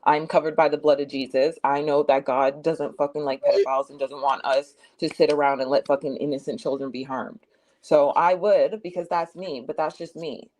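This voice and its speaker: A woman's voice: low voice, fairly even intonation, normal speed, a little mellow. Young woman, stream host, casual storytelling, heated, profane, emphatic.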